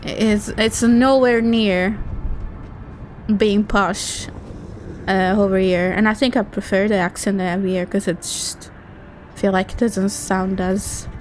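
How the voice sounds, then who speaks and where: A woman's voice: medium pitch, fairly even intonation, takes it slowly, faint music behind. A woman with an English Midlands accent, chatting casually and rambling while streaming a game. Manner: rambling, chatty, laughs easily. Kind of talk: casual gaming chat.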